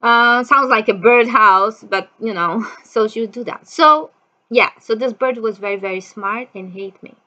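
A woman casually telling a childhood story as a vlogger, animated, laughing often and acting out quotes in a higher voice. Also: normal speed, muffled recording.

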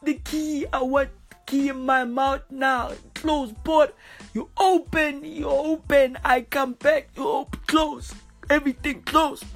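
A woman voicing a stubborn, dying old male dictator who barks clipped, broken English phrases and shouts and wails. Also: sits high, fairly even intonation, a little slow, soft background music, voice pushed up.

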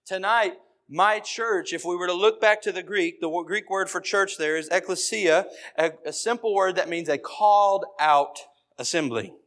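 High-voiced preacher with emphatic cadence. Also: male voice, normal speed, a bit bright. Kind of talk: sermon.

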